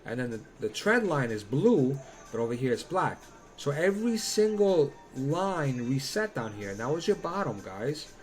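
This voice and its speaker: A man's voice: medium pitch, sing-song, normal speed, faint music behind. A man doing casual crypto chart analysis, blunt and profane, who slips into heated rants. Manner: blunt, swearing, ranting.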